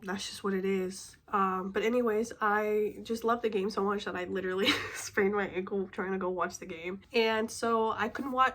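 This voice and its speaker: A woman's voice: medium pitch, fairly bright tone. A young woman chatting casually to her vlog audience, sounding a bit nasal from a cold, rambling with fillers and the odd swear word. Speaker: vlogger. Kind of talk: casual sit-down chat.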